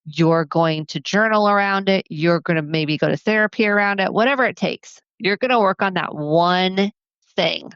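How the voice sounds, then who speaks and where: A woman hosting a podcast as a family therapist, talking earnestly and encouragingly, counting off her points slowly. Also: fairly low pitch, a bit bright, clean tone, no echo, dull audio. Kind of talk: solo podcast talk.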